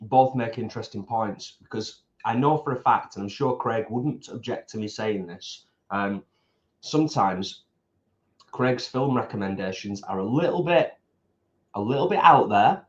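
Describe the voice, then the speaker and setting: A man's voice: on the low side, a little slow, lo-fi sound. A man co-hosting a casual eating livestream, chatting and rambling while reading out viewer comments. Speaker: co-host of a food channel. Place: home, eating at a table.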